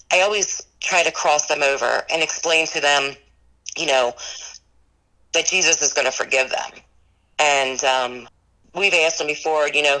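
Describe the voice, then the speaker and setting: Being interviewed about the paranormal experiences she's had, a woman who owns a ghost tour company rambles earnestly, saying "like" and "you know" a lot. Her low-sitting voice sounds pushed and bright, and the recording is low quality.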